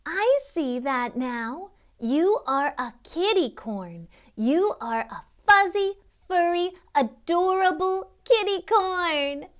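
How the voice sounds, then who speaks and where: A woman voicing a tiny, shy, hopeful female kitten in a storybook read-aloud, with squeaky, breathless excitement. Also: very slow, heavily acted. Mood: delighted.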